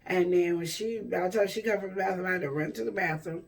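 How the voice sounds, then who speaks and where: Woman with a gravelly voice, telling a story. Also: on the low side, quick pace, far from the mic. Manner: rambling, self-correcting, animated retelling. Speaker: vlogger. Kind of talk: casual storytelling to camera.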